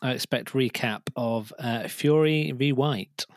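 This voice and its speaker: A man's voice: medium pitch, measured pace, no echo. A man co-hosting a sports podcast, teasing his partner with dry humour in a casual chat. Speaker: podcast co-host.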